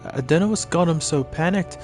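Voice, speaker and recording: A man voicing an anxious young male forest worker in a raised voice, speaking in a hurried, worried way. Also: on the high side, darkish tone, faint music behind, pitched above the performer's own voice, close to an everyday voice.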